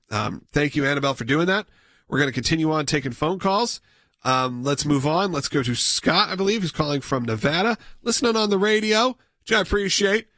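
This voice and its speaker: Casting: male call-in radio host, fairly high, bright voice, dry studio sound. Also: dry recording. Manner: earnest, appreciative, takes calls.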